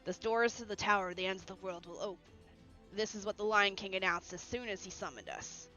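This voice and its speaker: A woman voicing a stern, formal male knight, in measured, formal delivery. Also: medium pitch, sharp tone, faint music behind, close to an everyday voice, poor audio.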